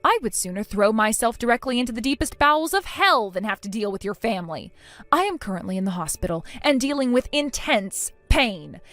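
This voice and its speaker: A woman's voice: mid-range voice, fairly bright tone, dry recording. A woman narrating a text-message story in the first person, indignant, cutting and firm.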